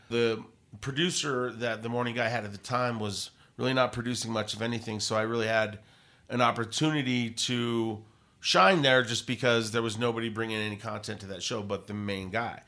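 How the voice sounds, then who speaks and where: Speaking at a medium pitch and a fairly quick clip, a male radio host tells stories in a casual interview with lively, wandering energy. He keeps doubling back, starting sentences over and dropping lots of fillers.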